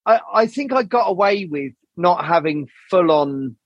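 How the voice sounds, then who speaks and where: A man's voice: a little high, a little slow, dry recording, muffled recording. A man talking as a podcast guest in a candid, rambling way, swearing often. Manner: swears freely, animated rambling storytelling. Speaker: jazz saxophonist, podcast guest.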